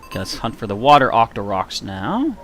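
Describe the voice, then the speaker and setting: A man's voice: mid-range voice, sing-song, brisk, soft background music. A man streaming a video game live, chatting casually with viewers in a self-mocking way, with a slightly nasal voice. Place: warm room indoors.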